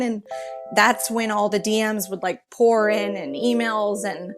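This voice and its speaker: A woman in her thirties, a podcast guest, telling animated, rambling stories with quick restarts. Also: mid-range voice, over music. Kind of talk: casual interview storytelling.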